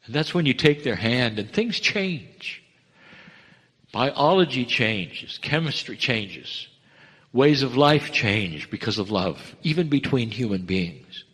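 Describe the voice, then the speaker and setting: Male channeler, mid-pitched voice, slow earnest spiritual address, long hall reverb. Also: expressive, a bit bright, slightly rough. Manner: measured, earnest, addresses listeners as dear ones. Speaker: channeler giving a spiritual message.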